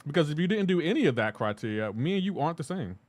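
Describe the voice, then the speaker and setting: Fast-talking and sing-song, with a fairly high pitch, this streamer plays a game while casually reading comments. He keeps things loose and chatty, welcoming viewers by name.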